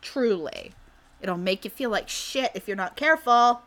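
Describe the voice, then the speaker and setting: A woman co-hosting a comedy podcast, recapping a TV episode in casual chat with a sarcastic edge and quick acted-out character lines. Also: a little high, animated, fairly bright tone.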